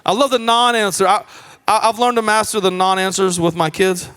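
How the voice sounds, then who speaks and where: Pastor, man, high-pitched voice, preaches a sermon with emphasis and casual asides. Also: fairly even intonation, fairly quick, clear, resonant tone, long reverb tail. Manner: emphatic, swings between hushed and raised delivery; conversational asides and restarts.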